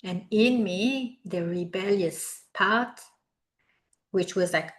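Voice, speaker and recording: A middle-aged woman, a wellness coach, telling her personal story in a reflective, confessional way, often pausing on "like". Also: medium pitch. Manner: reflective and confessional, frequent "like" fillers.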